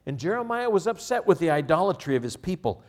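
Animated male preacher, loud and soft. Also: fairly high pitch, fast. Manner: animated preaching, swinging from hushed asides to raised shouts; chuckles at his own jokes. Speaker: pastor. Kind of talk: sermon.

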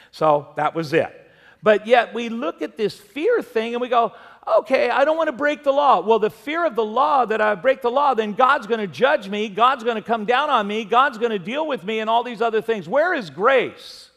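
Male pastor, high and gravelly voice, chatty sermon full of jokey anecdotes, long church reverb. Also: lively intonation, normal speed, fairly bright tone. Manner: conversational preaching with humorous anecdotes.

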